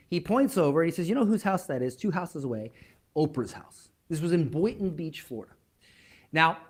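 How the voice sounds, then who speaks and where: A man speaking as a motivational speaker, telling a story to an online audience, emphatic and repeating words as he builds up, then dropping almost to a whisper. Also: a little high. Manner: emphatic, with dramatic drops to near-whispers.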